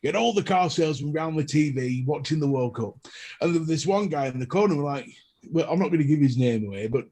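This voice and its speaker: A man's voice: fairly high pitch, expressive, quick pace, mellow. A man co-hosting a live chat show, telling stories and crude jokes. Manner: crude joking storyteller. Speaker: co-host. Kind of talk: casual live-stream banter.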